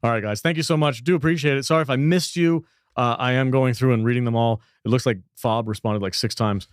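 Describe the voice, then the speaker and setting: A man's voice: mid-range voice, fast, clean tone, no room sound. A man co-hosting a podcast, chatty and enthusiastic, with casual swearing, on a close mic. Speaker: podcast co-host.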